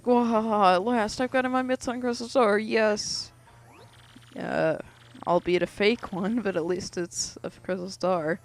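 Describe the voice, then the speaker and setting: A blustering turtle-dragon king from a video game, shouting and indignant, his voice pushed high and loud above the player's usual talk, as a let's player puts him on. He bellows every line with hot-headed bluster. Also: steady tone, unhurried, faint music behind, lightly acted. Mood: gloating.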